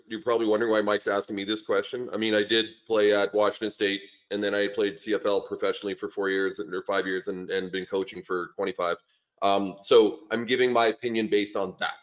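Man, middle-aged, from Canada, low voice, rambling casual podcast talk, lots of ums. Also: fairly even intonation, fairly quick. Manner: easygoing, rambling storyteller with many fillers and restarts. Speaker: podcast guest, former lineman and coach.

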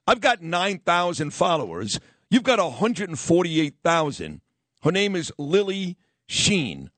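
A middle-aged man hosts a radio show, spinning stories and sports takes in a lively, wisecracking way. His voice sits a bit high. The studio sound is dry and close. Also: measured pace, no room sound. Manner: animated, wisecracking, acts out others in quoted voices. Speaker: radio host. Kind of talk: casual storytelling and sports talk.

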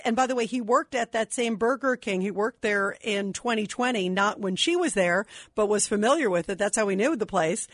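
A woman's voice: a little high, no room sound, studio quality. A woman hosting a talk radio show, indignant and emphatic as she takes calls. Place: radio studio.

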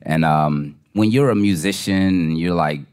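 A middle-aged man with a very low voice, relaxed and rambling as he chats. He talks with plenty of slang, easygoing and unhurried. He's a musician swapping stories on a casual talk show. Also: clean tone. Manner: laid-back, rambling, slangy. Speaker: musician, co-host. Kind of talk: casual chat.

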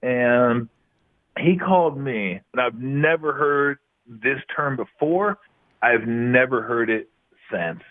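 A middle-aged man trades laugh-filled stories as a guest on a talk show. His voice sits at an ordinary pitch. It comes through a narrow, tinny phone-style line, as if he is calling in remotely. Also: takes it slowly. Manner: animated, laughing anecdotes. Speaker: guest, former basketball player. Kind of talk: casual storytelling interview.

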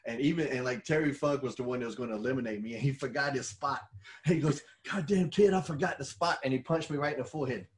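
A middle-aged man telling stories in casual chat, animated and swearing freely. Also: mid-range voice, fast. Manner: animated storyteller who swears freely and laughs at his own stories. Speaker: podcast co-host and former wrestler.

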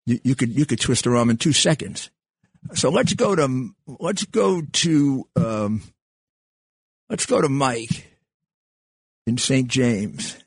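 An older man hosts a talk radio show in a husky, slightly rough voice. He rambles with halting restarts and plenty of fillers. The sound is dry and close, with no room around it. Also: medium pitch, animated, no echo. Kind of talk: casual talk radio monologue.

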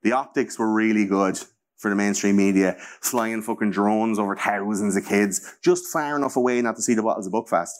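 A man's voice: fairly low pitch, a little fast. An Irish man in his thirties talking casually as a podcast host, rambling and swearing freely. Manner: rambling, profane, animated. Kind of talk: casual chat.

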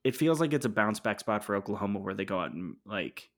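A man with a fairly low voice co-hosting a casual sports podcast. He is blunt and opinionated, cutting in quickly with strong takes. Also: lively intonation, a bit bright. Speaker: podcast co-host. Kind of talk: casual sports betting chat.

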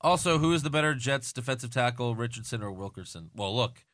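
A man's voice: medium pitch, animated, fairly quick, fairly bright tone, dry recording, clean studio sound. A man co-hosting a podcast in casual banter, teasing and swearing, sneezing with hiccups. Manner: profane, teasing, rambling. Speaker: podcast co-host.

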